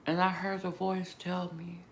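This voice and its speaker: A woman vlogger giving an emotional, emphatic personal testimony, moving between hushed and loud moments. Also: on the low side, level tone, a little slow, slight background noise. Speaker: vlogger sharing a personal story.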